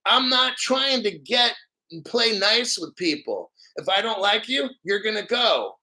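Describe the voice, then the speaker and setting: A man's voice: high-pitched, pushed and bright. A middle-aged man hosting a crypto channel, ranting at viewers in a profane, mocking, combative way. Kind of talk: angry livestream rant.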